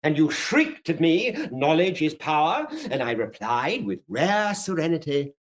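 An actor playing a smooth, mocking fire captain in a vintage radio drama, taunting a younger fireman with quotations. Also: on the high side, very animated, unhurried, poor audio. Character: silky, mocking male fire captain who loves quotations.

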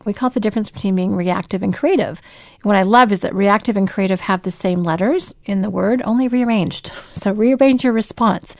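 A woman talking through workplace advice in an animated way, acting out the voices she quotes. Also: medium pitch, gravelly, no echo, studio quality. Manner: animated, acts out quoted voices, laughs often. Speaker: business speaker giving workplace advice. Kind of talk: advice talk to camera.

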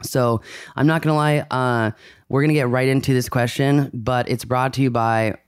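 A man's voice: mid-range voice, fairly even intonation, normal speed, smooth, dry recording, clean studio sound. A man hosting a podcast in a casual, upbeat and rambling way. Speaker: podcast host.

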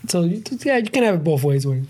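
A man's voice: fairly high pitch, very animated, quick pace, warm tone. Emphatic man mixing Spanish. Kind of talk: casual chat.

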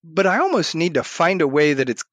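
A man's voice: fairly high pitch, a little fast, no room sound. A man talking as a guest in an interview, animatedly telling stories and acting out what he said back then. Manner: animated storyteller, acts out his own past words. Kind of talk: storytelling in a podcast interview.

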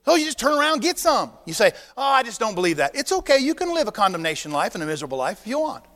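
High-voiced preaching pastor, lively sermon. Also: male voice, rapid-fire, in a large hall. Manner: animated preaching with acted dialogue and rhetorical questions. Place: church sanctuary.

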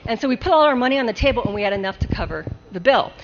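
Animated woman telling a comic story. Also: a little high, racing. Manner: animated, laughing often. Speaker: storyteller on a live show. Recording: dull lo-fi live recording with faint hiss.

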